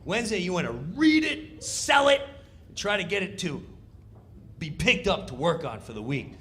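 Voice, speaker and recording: A man telling a comedic story, acting out voices and countdowns in an animated way. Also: high voice, moderate pace.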